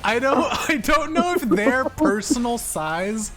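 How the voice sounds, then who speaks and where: A man streaming games, chatting casually with friends on a call, loud and animated, swearing freely. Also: extremely high pitch, takes it slowly, heavy background noise. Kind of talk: casual chat while gaming.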